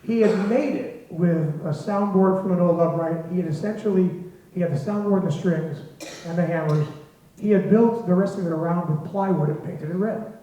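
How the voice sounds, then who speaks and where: Male storyteller, lively and chuckling; higher voice, dull lo-fi echoey hall sound. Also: normal speed. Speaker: storyteller at a symposium. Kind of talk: spoken anecdote to a live audience.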